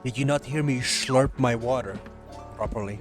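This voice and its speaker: A man's voice: medium pitch, moderate pace, music in the background. A man live-streaming a game, joking and laughing as he talks to his chat in a playful, casual way.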